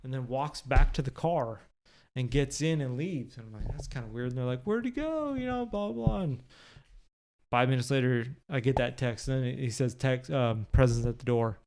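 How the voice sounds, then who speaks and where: A man's voice: medium pitch, fairly even intonation, a little fast, a little mellow. Blunt, foul-mouthed man telling his story. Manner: blunt and profane, with many fillers. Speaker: podcast guest. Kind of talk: candid conversational storytelling. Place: living room of his home.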